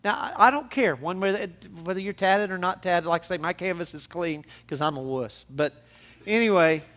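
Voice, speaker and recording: A man's voice: high-pitched, normal speed, fairly bright tone. A man preaching a sermon as pastor, speaking conversationally and rising to emphatic peaks.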